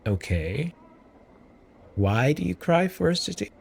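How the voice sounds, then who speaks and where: A man hosting a let's play of a role-playing game, reading the game's text and thinking out loud in a casual, jokey way, often stopping to correct himself. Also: fairly high pitch, very animated, a little slow, creaky, long pauses, breathy edge. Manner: musing aloud, jokey and self-correcting. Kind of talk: casual gameplay commentary.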